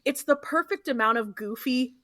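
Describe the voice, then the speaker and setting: High, lively woman podcaster, dry close sound. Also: normal speed, dry recording. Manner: chatty, lively, laughs often. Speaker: podcast co-host. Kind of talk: casual recap chat.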